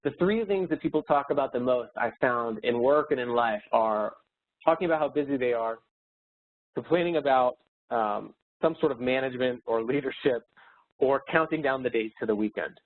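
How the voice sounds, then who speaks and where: A man's voice: medium pitch, moderate pace. A man giving a motivational webinar presentation as a speaker and educator, earnest and upbeat. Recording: tinny phone-like webinar audio.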